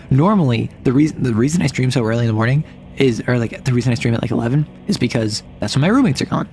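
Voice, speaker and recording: Gravelly young streamer, rambling chat. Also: medium pitch, lively intonation, fast, darkish tone, a little hiss or hum. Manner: rambling, lots of fillers and self-corrections. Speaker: livestreamer. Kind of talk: casual livestream chat. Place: home room with roommates nearby.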